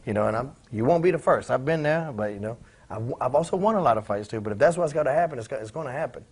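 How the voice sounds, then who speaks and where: Fast-talking gravelly man swearing. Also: mid-range voice, animated. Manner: profane, acts out quoted voices in his stories. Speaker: former pro wrestler, interview guest. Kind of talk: casual storytelling in a shoot interview.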